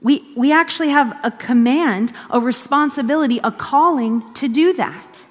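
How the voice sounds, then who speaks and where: A woman's voice: high-pitched, normal speed. A woman giving a conversational devotional teaching in an earnest way, repeating phrases for emphasis. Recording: long hall reverb.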